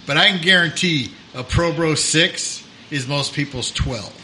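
Jokey guy cussing on a podcast, super bright lively voice, some noise. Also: on the high side, unhurried, poor audio. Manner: joking, swears freely. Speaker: podcast guest. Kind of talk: casual chat.

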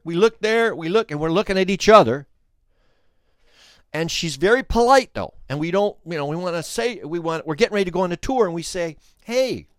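A man hosting a podcast, telling a story in an animated way, restarting phrases and speaking straight to the listeners. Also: sits high, no room sound, studio quality. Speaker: podcast host. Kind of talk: storytelling commentary.

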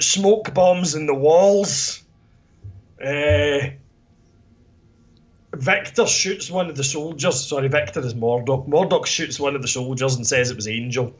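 A man's voice: mid-range voice, fairly bright tone. A Scottish man co-hosting a podcast, giving a rambling, sweary plot recap full of fillers. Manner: rambling, sweary, lots of "kinda" and "basically". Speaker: podcast co-host reviewing a film.

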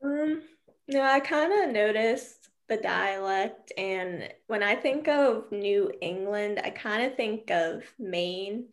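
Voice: mid-range voice, animated, takes it slowly. A woman student answering in class, hesitant with many fillers. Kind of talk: classroom discussion.

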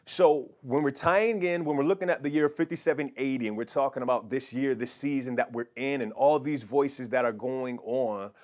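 A man's voice: medium pitch, steady tone, normal speed, hardly any pauses. Man teaching a sermon, many repeated words. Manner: has the audience repeat declarations aloud. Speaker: pastor.

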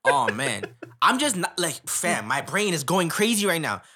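A man's voice: a little high, big pitch swings, moderate pace, sharp tone, breathy edge. A young man from Canada, telling a story in casual chat, rambling with slang and frequent laughter.

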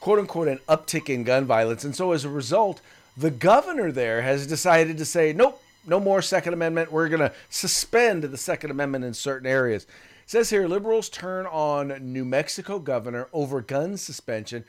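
A man co-hosting a casual podcast, talking in an animated, rambling way with many restarts. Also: fairly high pitch, moderate pace. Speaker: podcast co-host.

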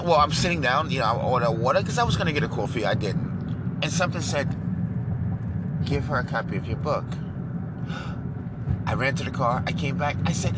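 Lively man vlogging by loud traffic. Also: mid-range voice. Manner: storytelling, acts out quoted voices, animated. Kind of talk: casual chat to camera. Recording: loud traffic noise outdoors.

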